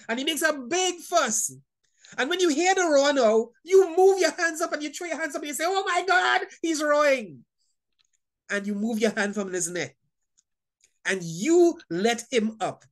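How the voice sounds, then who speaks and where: A woman preaching a Bible lesson in an emphatic, repetitive way, often stammering over words and laughing between points. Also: fairly high pitch. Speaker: Bible teacher. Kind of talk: sermon teaching.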